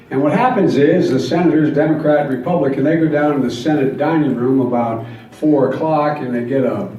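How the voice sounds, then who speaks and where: A man's voice: mid-range voice, warm tone, muffled recording. A man in his seventies giving a campaign speech at a rally, telling folksy stories with jokes and earnest emphasis. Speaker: guest speaker at a campaign rally. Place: large convention hall. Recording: echoey hall, distant mic, faint noise.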